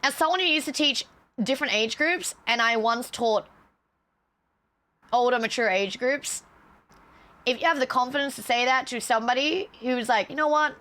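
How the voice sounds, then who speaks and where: A woman chatting on a live stream, telling animated stories with a lot of swearing and laughter. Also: a little high, moderate pace, long pauses. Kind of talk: casual stream chat and storytelling.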